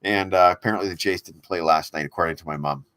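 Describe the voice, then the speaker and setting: A man with a fairly low voice hosts a laid-back livestream, wandering from thought to thought with stops and restarts. He reads out viewer comments as he goes. The sound is dry and close, with no room around it. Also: fairly bright tone, smooth, dry recording. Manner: rambling and halting, reads viewer comments aloud. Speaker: livestream host. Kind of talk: casual livestream chat. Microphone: desk mic on a laptop stream.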